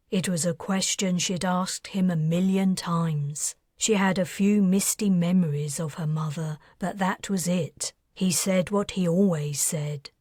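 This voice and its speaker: Slow, measured woman narrator. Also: fairly low pitch, steady tone, darkish tone, no echo, studio quality. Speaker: author narrating. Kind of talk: audiobook narration.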